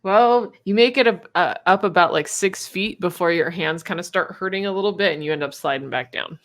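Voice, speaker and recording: A woman's voice: fairly low pitch, a little fast, a bit bright, no echo. A woman narrating a tabletop game as game master, casual and hesitant with many fillers.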